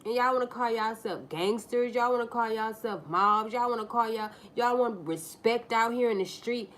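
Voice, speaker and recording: A woman's voice: on the high side, normal speed, fairly bright tone. A woman hosting a livestream, ranting in a blunt, profane and mocking way as she tells a story, often repeating herself and restarting lines. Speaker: livestream host. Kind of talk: casual livestream rant.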